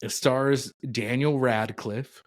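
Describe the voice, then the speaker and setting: A man co-hosting a podcast in casual chat, relaxed and rambling, with frequent "uh" and "um". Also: medium pitch, slow, no echo. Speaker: podcast co-host.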